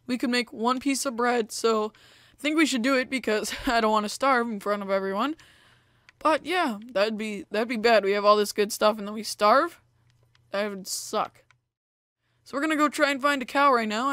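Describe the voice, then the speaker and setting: A woman's voice: fairly high pitch, a bit bright, dry recording, studio quality. Chatty young woman narrating gameplay. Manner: chatty, rambling, many fillers like "like" and "you know". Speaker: gaming video host. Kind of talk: casual gameplay commentary.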